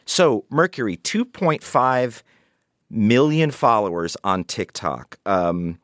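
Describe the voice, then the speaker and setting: Low-voiced radio host man. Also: lively intonation, fairly bright tone, no room sound, clean studio sound. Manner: measured, reads listener messages aloud. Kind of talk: public radio interview.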